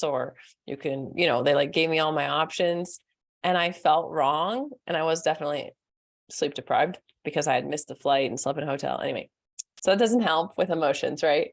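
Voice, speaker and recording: A young woman hosting a live stream as a spiritual coach, talking softly and earnestly, laughing often and answering comments from the chat. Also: deep voice, vocal fry. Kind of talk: casual live-stream talk.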